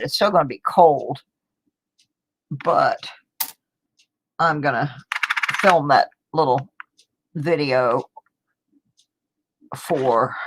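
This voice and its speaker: A woman's voice: deep voice, background noise. A middle-aged woman chatting casually to viewers from home, rambling and laughing a little as she sorts coins. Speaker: coin roll hunting vlogger. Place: home, indoors.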